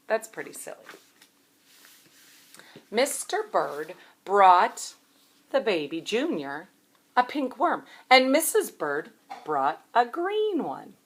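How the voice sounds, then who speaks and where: A woman, a preschool teacher, reading a picture book aloud to young children in a gentle, expressive way, asking them questions. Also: mid-range voice.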